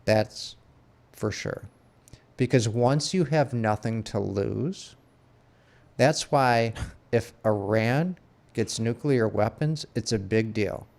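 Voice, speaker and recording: A man co-hosting a casual podcast, talking in a laid-back way with swearing and halting restarts. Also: lowish voice, gravelly, a little mellow. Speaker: podcast co-host. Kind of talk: casual chat.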